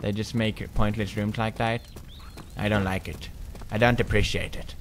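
A young man hosting a horror game let's play, joking around and breaking into high yelps and screams. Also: level tone, normal speed, slight background noise. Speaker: gaming video host.

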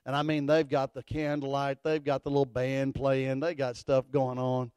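A middle-aged man, a pastor telling a folksy story in a sermon, animated and building to fervent declarations. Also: mid-range voice, normal speed, smooth, no room sound.

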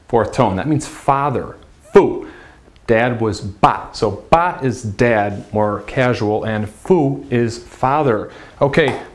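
Slow, upbeat man teaching tones. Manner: drills syllables with big pitch swings, upbeat and direct. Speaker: Chinese language teacher. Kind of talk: whiteboard language lesson.

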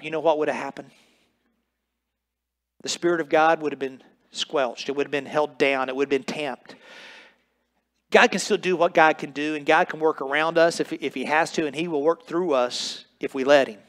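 High-voiced man preaching a sermon. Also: a little fast, fairly bright tone. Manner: emphatic preaching with repeated phrases and stumbles. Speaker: pastor. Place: church sanctuary.

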